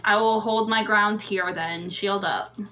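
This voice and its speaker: Female player, bright tone, friendly, tentative. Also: mid-range voice, steady tone, measured pace, faint music behind. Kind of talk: casual tabletop game chat.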